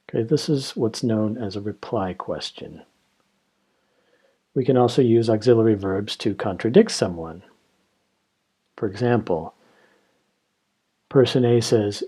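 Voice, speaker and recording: A man gives an English grammar lesson at an unhurried pace. His voice is mellow and a little husky. He explains each point and reads short example dialogues aloud. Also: lowish voice. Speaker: English teacher.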